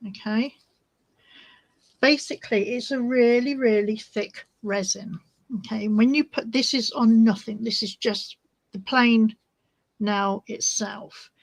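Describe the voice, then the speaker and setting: A woman's voice: a little high, no room sound, poor audio. A woman hosting a crafting vlog, chatting casually and easily distracted while she shows her resin swatches. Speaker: crafting channel host.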